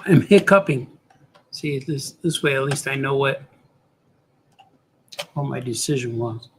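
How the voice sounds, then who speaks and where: Gravelly man muttering while he draws. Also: medium pitch, measured pace, slight background noise. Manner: mutters to himself, trails off, talks to viewers. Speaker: cartoonist livestreaming while drawing. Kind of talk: casual live-stream chat while drawing.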